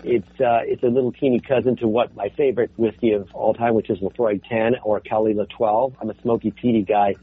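A man's voice: lowish voice, level tone, fairly quick, hardly any pauses, breathy edge. A man who is a voice actor, chatting casually on a podcast with many restarts and frequent laughs. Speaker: voice actor guest. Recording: slightly dull audio with faint noise.

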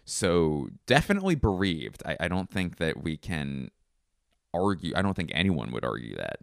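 A man's voice: low voice, huge pitch swings, normal speed, creaky, dry recording, studio quality. A young man hosting a solo comedy podcast, rambling through crude, self-mocking riffs. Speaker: podcast host.

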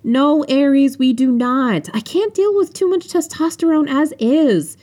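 A woman reading an uptight young woman in a storybook. She whines, pitched much higher than the narrator. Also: a little slow, mellow. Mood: whiny. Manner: high and whiny.

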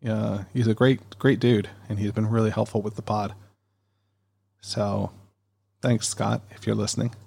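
A man hosting a music podcast from home, with a somewhat low voice that has a gravelly rasp to it. He chats casually and rambles, stumbling over ums and restarts while he answers listener emails. He talks close into a dynamic studio mic. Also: level tone, unhurried, long pauses, a little mellow. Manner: chatty, rambling, with frequent ums and self-corrections. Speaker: podcast host.

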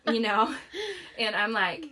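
A young woman co-hosting a casual chat, telling stories in an animated way and acting out what people said. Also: medium pitch, measured pace, crowd noise. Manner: animated, laughing, acts out quotes. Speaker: podcast co-host.

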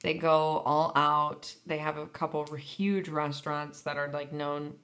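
A woman's voice: sits low, flat delivery, measured pace, fairly bright tone. Laid-back American woman co-host. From Michigan, USA. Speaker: podcast co-host. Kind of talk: casual chat.

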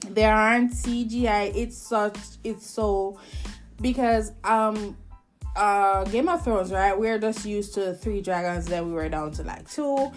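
A woman's voice: mid-range voice, slow pace, faint music behind. A woman hosting a show. She chats casually with strong opinions and often restarts her sentences. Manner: chatty and opinionated, frequent restarts. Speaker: podcast host reviewing shows. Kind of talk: casual chat.

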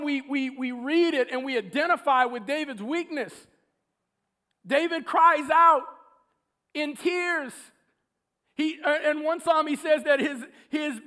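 A man preaching a sermon, telling a story with animated, acted-out quotes. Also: extremely high pitch.

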